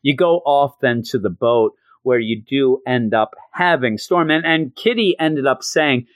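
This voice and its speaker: Guy going over a comic issue, chatty and animated, mid pitch, dead dry sound. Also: unhurried, hardly any pauses, no room sound. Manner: animated retelling, acts out quotes. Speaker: comic book reviewer. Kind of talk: casual review chat.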